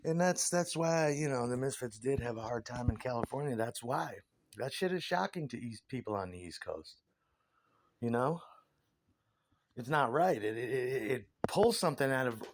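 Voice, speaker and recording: A man talking casually in an interview, ranting and scornful, with lots of swearing. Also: medium pitch.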